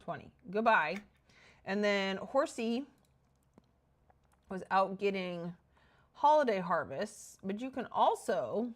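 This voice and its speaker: A woman chatting casually with her viewers while playing a game, excitable and talking to herself as she goes. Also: medium pitch. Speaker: game streamer.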